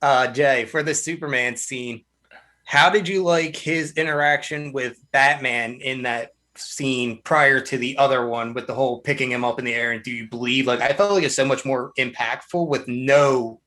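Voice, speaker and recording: A man's voice: medium pitch, moderate pace, pushed and bright. A man co-hosting a casual movie review podcast, animatedly acting out scenes he liked. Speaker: podcast co-host.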